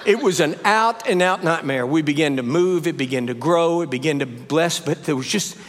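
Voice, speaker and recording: An older man preaching a sermon in a church, telling a story and rising to animated, emphatic peaks. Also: a little high, normal speed. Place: church sanctuary. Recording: live sermon with long reverb.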